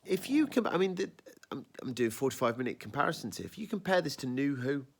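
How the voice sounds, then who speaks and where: A man hosting a casual review podcast, animated and rambling, often breaking off mid-sentence. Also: mid-range voice, fast, vocal fry. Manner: animated, rambling, self-interrupting. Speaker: podcast host.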